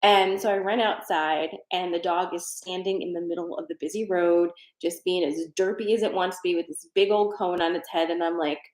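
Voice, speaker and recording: A woman's voice: on the low side, fairly even intonation, brisk, hardly any pauses, reverberant. A woman hosting a tarot and energy livestream, chatting casually and leading a guided breathing exercise. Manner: chatty, rambling, many fillers.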